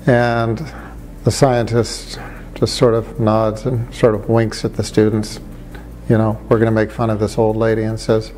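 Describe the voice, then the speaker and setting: A middle-aged man, a former atheist doctor, making a measured argument with dry humor. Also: medium pitch, warm tone, slight background noise. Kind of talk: reflective monologue.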